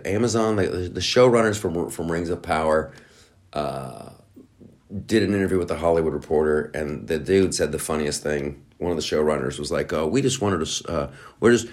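A middle-aged man with a very deep, gravelly voice hosts a podcast. His casual monologue is sarcastic and rambling, full of restarts.

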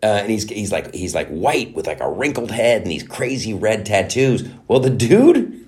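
A man hosting a comedy podcast, ranting mockingly through a show recap and popping into quick put-on voices. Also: lowish voice. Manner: animated, mocking, does quick character voices. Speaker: podcast host.

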